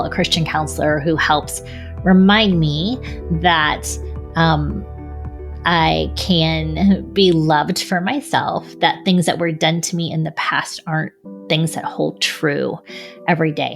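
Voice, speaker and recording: Earnest woman with a gravelly low voice. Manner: earnest, reflective, with soft laughs. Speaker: author and speaker. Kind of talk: personal faith testimony.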